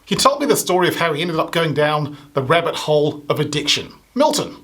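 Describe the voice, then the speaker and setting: A man's voice: on the high side, animated, fairly quick, fairly bright tone. Man telling a stand-up story. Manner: acts out other people's lines with a raised voice. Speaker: stand-up comedian.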